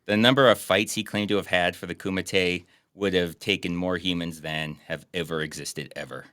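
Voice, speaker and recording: A man's voice: deep voice, fairly even intonation, moderate pace, fairly bright tone, no room sound. A young man hosting a podcast, chatting casually about a movie in a laid-back, dry way. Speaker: podcast host. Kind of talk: casual chat reviewing a movie.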